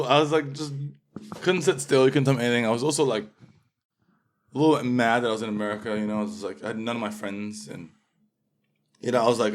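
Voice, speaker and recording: A man from England, the guest in a casual interview, talking in a laid-back, rambling way with lots of fillers. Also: lowish voice.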